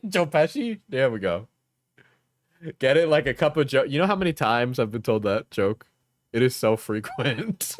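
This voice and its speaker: A man's voice: medium pitch, big pitch swings, a little slow, long pauses, no room sound. A man streaming live and reacting to online drama, joking and laughing often as he talks to his chat. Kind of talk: casual livestream reaction commentary.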